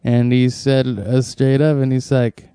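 A man's voice: medium pitch, flat delivery, a little slow, warm tone, clean tone, no room sound, studio quality. A young man chatting casually about TV on a podcast, laid-back, laughing often, swearing. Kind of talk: casual chat.

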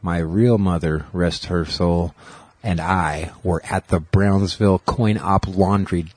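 A middle-aged man with a husky, fairly low voice chats loosely on a podcast, drifting through stories and swearing along the way. The sound is dry and close, with no room around it. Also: steady tone, slow, a little mellow, no echo. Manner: swears freely, rambling storyteller. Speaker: podcast co-host. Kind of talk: casual chat.

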